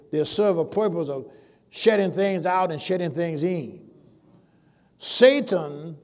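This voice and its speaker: A man preaching a sermon, dwelling on scripture verses and building to loud, drawn-out emphasis. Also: fairly high pitch. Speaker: pastor.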